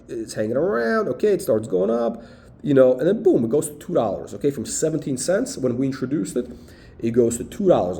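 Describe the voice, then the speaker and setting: Emphatic man with a lively, mellow voice. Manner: emphatic, repeats "boom" and "okay". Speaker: stock market commentator. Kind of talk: chart walkthrough video.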